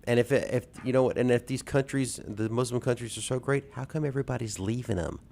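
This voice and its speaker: A man's voice: medium pitch, fast talker, gravelly, a little mellow, slight background noise. A man co-hosting a casual talk show, talking in a folksy, rambling way. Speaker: co-host.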